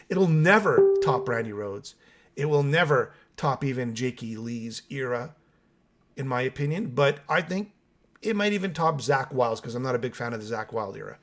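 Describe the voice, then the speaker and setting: A man's voice: fairly high pitch, fairly bright tone. A man hosting a casual metal music podcast, giving opinionated takes and talking straight to his viewers. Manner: opinionated, chatty, addresses viewers directly. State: still waking up with coffee. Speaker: host of a metal music channel. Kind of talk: casual solo podcast reacting and reading comments.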